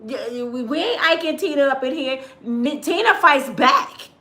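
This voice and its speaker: A woman from Michigan who hosts a livestream and tells her own stories to viewers in a blunt, animated, outspoken way. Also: high-pitched, normal speed, roomy sound. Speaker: livestream host. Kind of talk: casual storytelling to viewers.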